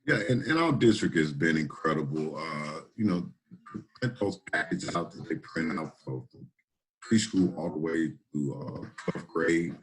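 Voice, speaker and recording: A middle school principal with a very deep voice speaks earnestly and informally on a video-call panel, frequently repeating words as he talks. Noise fills the background.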